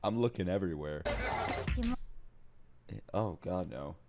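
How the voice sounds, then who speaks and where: A young man hosting an anime reaction, talking casually, swearing and swinging between loud outbursts and low mutters. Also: a little slow, heavy background noise. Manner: loud, excitable, swears, jumps between shouting and mumbling.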